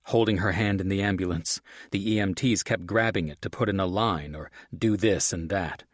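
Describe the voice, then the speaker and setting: A man's voice: low-pitched, normal speed, dry recording, studio quality. A man reading a first-person romance audiobook in a gritty, intense way. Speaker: audiobook narrator.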